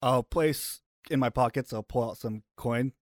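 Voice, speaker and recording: Male player, mid-pitched, easygoing and quick to laugh, dry close mic. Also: dry recording. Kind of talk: casual tabletop game chat.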